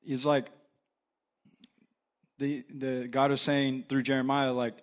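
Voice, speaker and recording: A young man, an assistant pastor, preaching a casual sermon, telling the story with animated acted-out dialogue. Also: mid-range voice, takes it slowly, pauses often.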